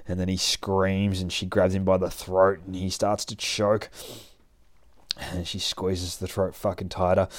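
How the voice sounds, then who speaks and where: A man's voice: low voice, flat delivery, moderate pace, a little mellow, dry recording, studio quality. A man casually recapping a comic book aloud, rambling and swearing constantly. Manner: profane, rambling, laid-back. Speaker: comic reader.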